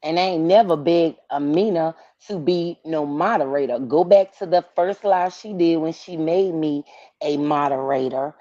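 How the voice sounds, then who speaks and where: A woman's voice: low voice, normal speed, mellow, no room sound, dull audio. A woman calling into a live stream, talking in a defensive and dismissive way. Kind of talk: casual live-stream call-in.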